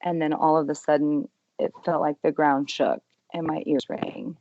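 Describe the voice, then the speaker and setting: Young adult woman, low voice, earnest guest recounting her ordeal, dry muffled recording. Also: little pitch movement, normal speed, no echo. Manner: earnest, emotional retelling with quiet hushed quotes. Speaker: podcast guest. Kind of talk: personal testimony in an interview.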